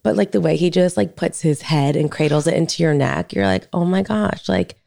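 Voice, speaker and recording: A woman's voice: sits low, animated, fairly quick, gravelly, mellow, no room sound, studio quality. A woman in her thirties co-hosting a podcast, chatting casually and gushing about her son, with lots of "like" fillers. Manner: gushing, talks with many "like" fillers. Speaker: podcast co-host. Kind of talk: casual chat.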